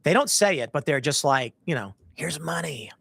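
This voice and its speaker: A man's voice: fairly high pitch, expressive, normal speed, vocal fry, a bit bright, no room sound. Chatty man hosting a livestream. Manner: rambling, slips into mock voices for jokes. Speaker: livestream host. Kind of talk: casual livestream commentary reading chat.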